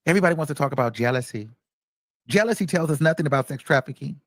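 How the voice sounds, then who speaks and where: Male commentary host, a bit high-voiced, emphatic and repetitive, dry recording. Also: animated, racing, dry recording. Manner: emphatic, repeats points for stress. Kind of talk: reaction commentary.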